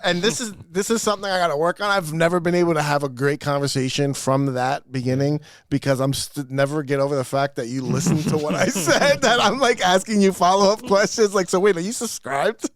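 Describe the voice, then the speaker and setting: A man hosting a loose podcast conversation with a fellow comic, his voice sitting a little higher than most men's. He talks candidly, swings between excitement and quiet confession, and laughs a lot. The sound is close and dry, with no room around it. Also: fairly quick, hardly any pauses, no room sound. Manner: animated, laughs often, candid. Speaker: podcast host; stand-up comedian. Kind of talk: casual podcast chat.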